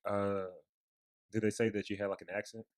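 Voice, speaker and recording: A young man hosts a podcast in an easygoing, slangy way. He asks rambling questions and answers with quick reactions. His voice sits a little low for a man. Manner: relaxed, slangy interviewer with short reactions and laughs. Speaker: podcast host. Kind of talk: casual chat.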